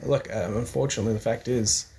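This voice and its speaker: A man's voice: medium pitch, fairly even intonation, fast talker, vocal fry, warm tone. A man hosting a podcast, talking in a rambling, hesitant, earnest way about a book. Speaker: podcast host. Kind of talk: casual chat.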